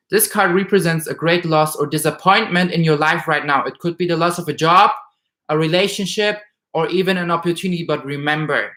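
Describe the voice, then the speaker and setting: Emotional man doing a tarot reading. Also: on the high side. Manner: emotional, excited, reads card meanings aloud. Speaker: tarot reader. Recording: roomy echo.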